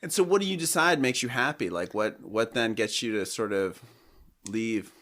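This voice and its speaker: A man's voice: medium pitch, animated, normal speed, fairly bright tone. A man hosting a casual interview, mostly giving short acknowledgments and asking brief questions. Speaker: podcast host.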